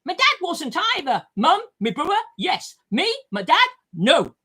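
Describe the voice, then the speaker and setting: Talking straight to camera, an older woman vlogger rambles forcefully in a high voice that swoops all over, with big pitch swings and a sharp tone. She swears freely, keeps a measured pace, and circles back over her own words.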